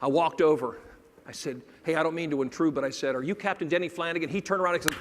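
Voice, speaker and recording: Male keynote speaker, high register, theatrical storyteller, hall reverb. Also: very fast, noisy background. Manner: dramatic shifts between hushed and loud, acting out dialogue. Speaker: motivational speaker.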